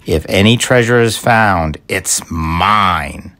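A man voicing a greedy young male hare who plays at being a highwayman, in a storybook reading. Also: bright, forceful tone, heavily acted. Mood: grumbling. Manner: slow, deep, grumbling demands.

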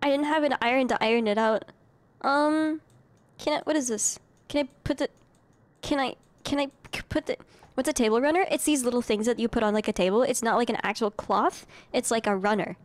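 A woman's voice: fairly high pitch, brisk, dry recording. A young adult woman streaming a game live, chatting with her viewers in a casual way and swearing now and then. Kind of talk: live gameplay commentary.

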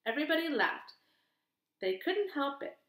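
A woman teacher reading a picture book aloud to children in an expressive, sing-song way. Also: high-pitched, moderate pace. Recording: echoey room.

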